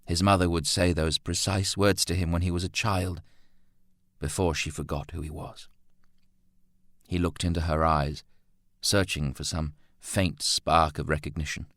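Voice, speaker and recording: Low-pitched male audiobook narrator, dry and close. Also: fairly even intonation, a little slow, a bit bright, dry recording. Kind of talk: scripted narration.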